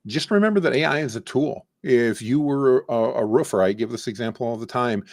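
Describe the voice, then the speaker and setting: A man, a guest on an interview show, telling animated stories about starting his business. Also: mid-range voice, a little fast, dry recording. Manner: animated storyteller. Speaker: guest, AI trainer. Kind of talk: interview storytelling.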